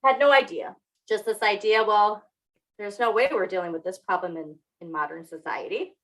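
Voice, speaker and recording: A woman's voice: mid-range voice, normal speed, low-quality recording. A young adult woman co-hosting a podcast in casual chat, laughing often and teasing herself. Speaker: podcast co-host.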